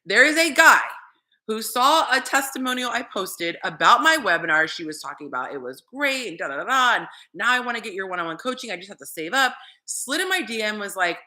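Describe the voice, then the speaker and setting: Lively, bright-voiced woman dating coach. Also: mid-range voice, a little fast. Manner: chatty and animated, talking straight to viewers. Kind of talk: casual livestream chat with viewers.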